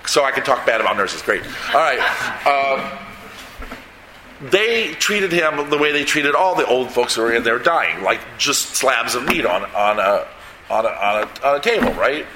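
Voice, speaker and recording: A man's voice: mid-range voice, animated, moderate pace, noisy background. A man in his sixties, a comic book artist, telling rambling stories to a live audience with frequent restarts and laughter. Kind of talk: anecdotal storytelling to a live audience. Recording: roomy, echoey hall sound.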